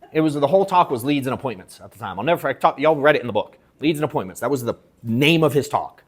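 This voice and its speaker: A man coaching a live workshop audience on sales, telling a story in casual, slangy, profane speech with animated acted-out quotes. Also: medium pitch, quick pace, breathy edge. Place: event room at an in-person workshop.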